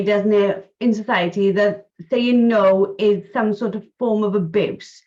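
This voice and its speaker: Woman podcast host, higher voice, chatty with acted asides; muffled lo-fi audio. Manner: chatty, acts out little quoted scenes. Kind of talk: casual podcast chat.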